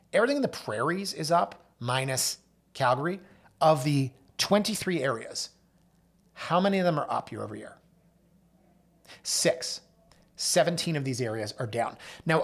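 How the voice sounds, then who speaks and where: A man, a realtor hosting his own show, talking casually to camera and reading off numbers with self-mocking asides. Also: medium pitch. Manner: chatty, self-mocking asides, reads figures off a list with sudden lifts. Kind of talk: casual market commentary to camera. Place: office or studio with someone off camera.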